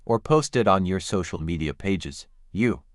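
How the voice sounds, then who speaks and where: A man's voice: sits low, animated, normal speed, no echo, clean studio sound. A man reading a scripted outro for the channel, earnestly thanking viewers.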